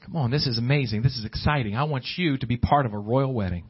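A man preaching a sermon, swinging between high pleading exclamations and low hushed asides. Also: fast, slightly rough. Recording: dull lo-fi recording.

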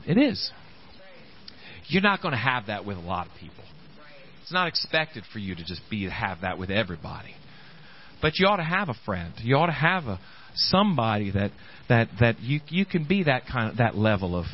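A pastor preaching a sermon in an animated, halting way, often acting out the voices of the people he quotes. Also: on the low side, highs cut off.

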